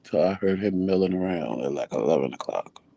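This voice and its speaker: A man's voice: low voice, fairly quick, gravelly, no room sound. A man vlogging, telling a story casually and animatedly, acting out what people said. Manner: animated, acts out quotes.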